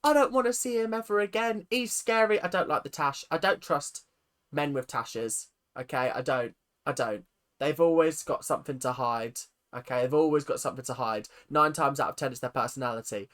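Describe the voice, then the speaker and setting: A young British woman hosting a reaction video, casual, sarcastic and animated, swearing freely. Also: low-pitched, brisk.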